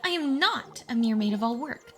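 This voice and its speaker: A hoarse woman voicing a defiant young village maid who speaks with indignant pride. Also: on the high side, expressive, normal speed, over music, pitched above the performer's own voice, natural voice. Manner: indignant and proud.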